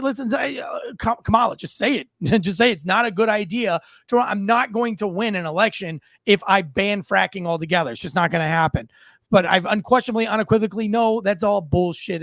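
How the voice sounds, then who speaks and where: A podcast host with a very high-pitched, creaky voice delivers a heated, profane rant, stumbling and repeating himself as he works himself up. The sound is dry and close, with no room sound.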